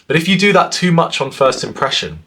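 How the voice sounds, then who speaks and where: A man in his twenties who talks to the camera in an earnest way, giving social advice, with his pitch and loudness swinging widely. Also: big pitch swings, brisk, a little hiss or hum. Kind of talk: talking to camera.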